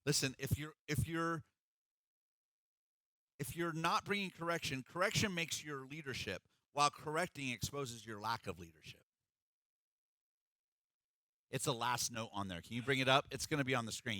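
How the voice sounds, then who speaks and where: A man's voice: mid-range voice, fairly quick, sharp tone, no room sound. A middle-aged man preaching a sermon as pastor, in an emphatic, conversational way.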